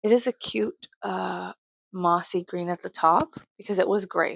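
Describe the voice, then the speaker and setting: A woman vlogger ranting in a casual, rambling way, full of swearing, jumping from loud outbursts to low mutters. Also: measured pace, creaky, no echo.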